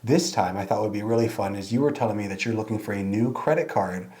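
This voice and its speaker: A man's voice: lowish voice, fast, a little mellow. Man co-hosting a casual money podcast. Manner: explains at length, often says "like". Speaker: podcast co-host.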